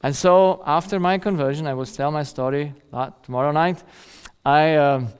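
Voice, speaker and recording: A man's voice: fairly high pitch, steady tone, normal speed, clean tone, in a large hall. A man giving a seminar lecture in a conversational way, often checking in with "yeah?" and chuckling at his own stories. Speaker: seminar speaker.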